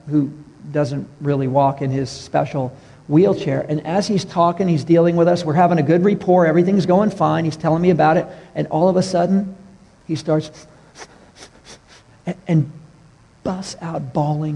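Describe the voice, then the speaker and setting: Gravelly pastor with a husky hush. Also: male voice, on the high side, long reverb tail. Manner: storytelling, drops to a soft hush for tender moments. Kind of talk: sermon. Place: church sanctuary.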